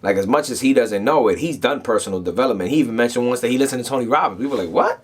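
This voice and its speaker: Speaking rapid-fire in a mid-range, slightly rough voice, this man hosts a motivational podcast. He tells stories loosely and with a streetwise, animated energy, often tossing in "right?" along the way in a casual talk.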